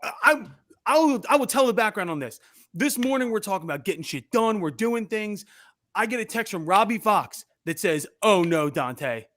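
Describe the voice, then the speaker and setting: High-voiced man hosting a panel chat. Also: fairly bright tone. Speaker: show host moderating. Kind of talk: casual chat.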